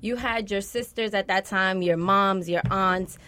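Woman, 20s, radio studio guest, relaxed friendly delivery, medium pitch. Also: a little slow, clean tone. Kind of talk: radio interview.

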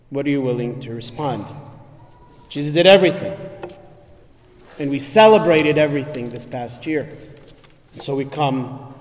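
A bishop delivers his sermon slowly and deliberately, his fairly high voice ringing through a church with a long reverb. He works through rhetorical questions and sinks to a quiet hush on the lines that matter most. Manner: preaching with rhetorical questions, dramatic pauses and sudden drops to a hush.

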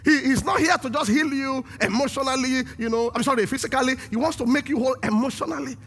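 A man preaching a sermon as pastor and host, emphatic and rising to shouts to stress his points. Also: very high-pitched, fast, slightly rough.

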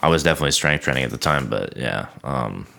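A veteran podcast host with an extremely deep voice chats casually over drinks. He talks in a flat, even monotone and curses freely. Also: fast talker, creaky. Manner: self-described monotone, swears freely. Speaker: military veteran.

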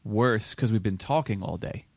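A man's voice: on the low side, normal speed, no room sound. A man co-hosting a podcast over a video call, chatting in a playful, digressive way. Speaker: podcast co-host. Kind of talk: casual podcast chat.

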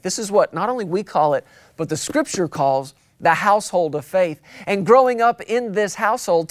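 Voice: mid-range voice, no echo, clean studio sound. A pastor preaching a sermon, emphatic and repetitive, drawing out key words for weight.

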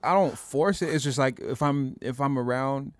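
A man's voice: mid-range voice, moderate pace, dry recording, clean studio sound. A man in a casual chat, hesitant and laughing as he searches for words.

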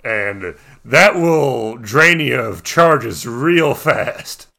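A man's voice: mid-range voice, lively intonation, very slow, gravelly, sharp tone. A man in casual chat about a tabletop game, thinking aloud with lots of restarts. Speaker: tabletop game podcast co-host.

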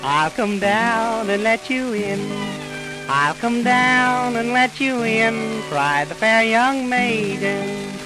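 A singer voicing a fair young maiden in a 1920s comic folk song, slowly repeating pleading sung lines. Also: medium pitch, over music, natural voice, poor audio. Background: band accompaniment.

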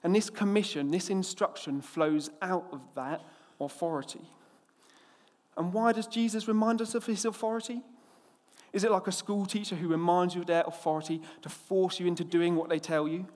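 A male preacher from England tells a lively anecdote, acting out its characters before moving into scripture. His voice sits a little high. It carries a long reverb, as if spoken in a large hall. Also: moderate pace. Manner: storytelling, lively and expressive, acts out the characters. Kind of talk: sermon with an opening anecdote.

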